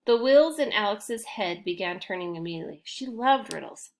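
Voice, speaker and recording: A woman's voice: medium pitch, lively intonation, moderate pace. A woman narrating a children's fantasy chapter as an audiobook reader, reading steadily and now and then restarting a phrase. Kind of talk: storybook narration.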